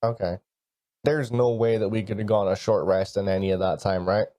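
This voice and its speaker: A man plays a tabletop game, speaking courteously in character and often stumbling over his words. His voice is low and mellow. The sound is dry and close. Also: steady tone, no room sound. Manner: polite, halting, many restarts in character. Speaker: player.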